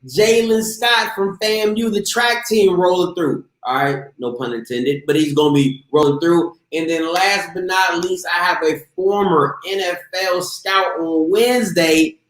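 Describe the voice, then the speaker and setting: Male interview host, hyped and slangy, higher voice, echoey room sound. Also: a little slow, few pauses, fairly bright tone. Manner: hyped, slangy, talks straight to viewers. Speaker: show host. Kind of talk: casual live interview show.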